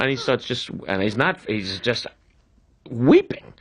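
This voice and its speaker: A man tells a comic story with lots of expressive rise and fall in his voice. He laughs often and acts out the other characters as he goes. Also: medium pitch, unhurried. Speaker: comedian telling a story. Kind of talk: animated anecdote.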